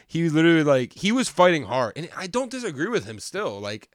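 A young man co-hosting a podcast in casual chat, animated and swearing, slipping into quoted voices. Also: a little high, quick pace, dry recording, clean studio sound. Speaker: podcast co-host.

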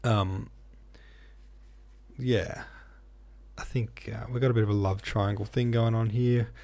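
Guy reading a novel out loud, thoughtful, gravelly low voice, dry close sound. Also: fairly even intonation, measured pace, no room sound. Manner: thoughtful, hesitant with fillers. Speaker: reader and discussion leader. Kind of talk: reading a novel aloud with commentary.

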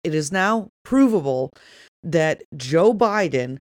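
Woman, political talk co-host, blunt, scornful, unhurried, dry. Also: low voice, expressive, no echo. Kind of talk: political talk show commentary.

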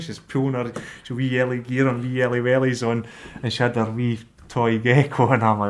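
A middle-aged Scottish man, a lifeboat volunteer, recounting a rescue in a plain-spoken, halting way. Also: medium pitch. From Scotland. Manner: plain-spoken, hesitant with fillers, animated when acting out scenes.

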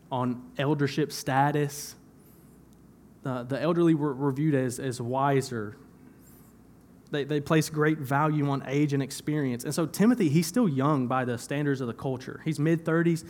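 Young male preacher, relaxed conversational sermon. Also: on the high side. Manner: conversational, repeats phrases, laughs at himself. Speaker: pastor. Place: church.

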